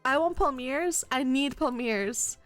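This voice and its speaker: A woman's voice: fairly high pitch, fairly even intonation, brisk, faint music behind, close to an everyday voice. A woman voicing an unhinged male superfan who talks frantically and swears, laughing wildly, in a game read-aloud. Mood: obsessive.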